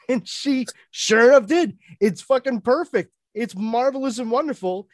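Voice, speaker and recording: A man on a podcast telling a story in a casual, animated way, swearing freely as he goes. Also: extremely high pitch, measured pace, no room sound, studio quality. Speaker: podcast panelist.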